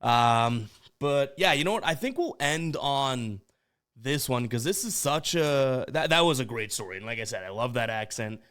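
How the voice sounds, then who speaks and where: Reacting to voicemails on his podcast, a man from Boston speaks at normal speed in an expressive, mid-range voice that is slightly bright, clear and resonant. He's casual and chatty, laughing frequently and stumbling over words.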